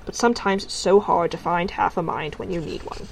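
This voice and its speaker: A woman's voice: fairly low pitch, a little fast, gravelly, a little hiss or hum, poor audio. A woman voicing a stern, dry-witted witch teacher in a read-aloud storybook, speaking in a clipped, sardonic way.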